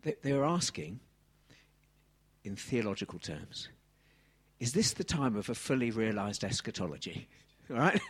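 A man in his thirties from England preaching a sermon on a handheld mic, animated and swinging from soft asides to loud exclamations. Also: lowish voice, a little slow, breathy edge.

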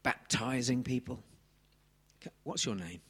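A man in his thirties from England preaching a sermon on a handheld mic, animated and swinging from soft asides to loud exclamations. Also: mid-range voice, a little slow, husky.

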